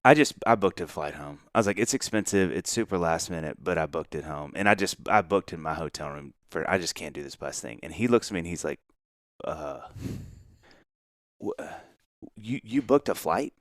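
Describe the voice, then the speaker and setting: A man co-hosting a podcast, telling a long story in an animated way, acting out the voices of the people in it and laughing often. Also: deep voice, fast, few pauses, no echo, clean studio sound. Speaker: podcast co-host. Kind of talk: casual storytelling chat.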